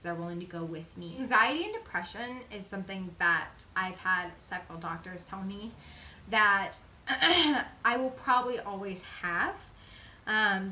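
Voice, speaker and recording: A woman's voice: mid-range voice, pushed and bright, slight background noise. A young woman vlogger talking openly and earnestly about her life, chatty with frequent fillers. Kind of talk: personal confessional vlog. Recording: echoey room.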